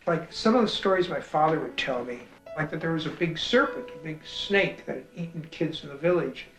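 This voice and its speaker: A man's voice: fairly high pitch, lively intonation, brisk, fairly bright tone. Reflective middle-aged man over guitar music. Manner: thoughtful, repeats words as he searches. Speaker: author. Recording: roomy sound with guitar music underneath.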